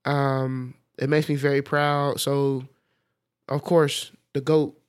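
A man co-hosting a podcast in casual chat, animated, often laughing, with many fillers. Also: mid-range voice, slow pace, smooth. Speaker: podcast co-host.

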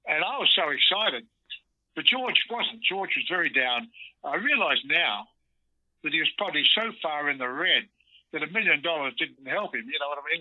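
An older Australian actor, heard over a phone line, telling lively anecdotes and acting out the lines he quotes. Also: on the high side, dry recording. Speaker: guest actor. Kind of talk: storytelling interview. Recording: dull lo-fi phone audio.

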